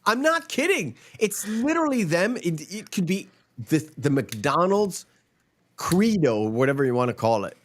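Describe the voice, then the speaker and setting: A man's voice: fairly high pitch, sing-song, moderate pace, a bit bright. A man hosting a podcast in casual chat, rambling and emphatic, swearing freely. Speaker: podcast host.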